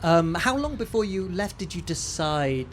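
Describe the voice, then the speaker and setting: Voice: medium pitch, sing-song, moderate pace, a little hiss or hum. A host interviewing an author at a bookshop event, asking thoughtful, hesitant questions with many restarts.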